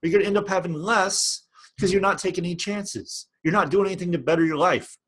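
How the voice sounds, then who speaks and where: Fired-up male vlogger, husky and a little high, preaching and repeating himself. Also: quick pace, fairly bright tone. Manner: passionate, repetitive, preachy. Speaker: online business vlogger. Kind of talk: motivational rant to camera.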